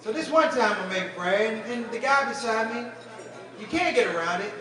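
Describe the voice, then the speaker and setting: A man doing stand-up comedy at a fundraising dinner, telling animated stories and talking straight to the crowd. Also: sits high, moderate pace. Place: banquet hall at a fundraising dinner. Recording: echoey hall, distant mic, crowd. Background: audience laughing and murmuring.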